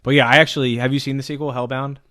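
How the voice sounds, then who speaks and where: A man's voice: medium pitch, little pitch movement, rapid-fire, sharp tone. A man co-hosting a casual movie podcast, laid-back and swearing freely, dropping drawled asides. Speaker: podcast co-host.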